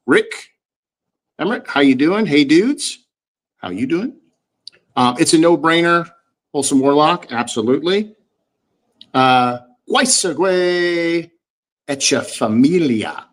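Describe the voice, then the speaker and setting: A man with a medium-pitched voice keeps a live stream going, greeting viewers by name and reading their comments. He sounds easygoing and upbeat. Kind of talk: casual live-stream chat.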